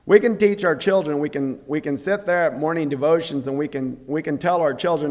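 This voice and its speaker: A man giving a devotional sermon in an earnest, conversational way, often pausing to clear his throat. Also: fairly high pitch, darkish tone. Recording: long reverb of a hall.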